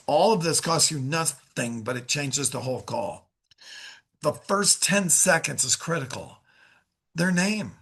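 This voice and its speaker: Male sales coach, middle-aged, gravelly, breathy-edged voice, upbeat teaching manner. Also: high voice, a bit bright. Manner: upbeat, coaching, acts out phone calls. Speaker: sales trainer. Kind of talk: sales training lesson.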